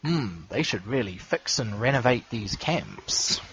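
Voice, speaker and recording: A young man co-hosting a casual podcast chat, giving dry, deadpan replies. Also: mid-range voice, a little slow, husky. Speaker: podcast co-host. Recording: dull lo-fi sound with faint noise.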